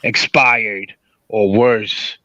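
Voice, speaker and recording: A man's voice: on the low side, fairly even intonation, very slow, pushed and bright, no echo, full character voice. A man doing a rambling crude prank caller. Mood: boastful. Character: caller claiming to be boxer, gruff and crude. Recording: lo-fi call audio.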